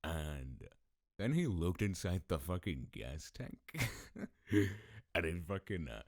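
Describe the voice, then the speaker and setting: Very deep-voiced, slow-talking man. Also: sing-song, no echo, clean studio sound. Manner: laid-back, swears a lot, laughs often. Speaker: podcast host. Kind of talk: casual storytelling.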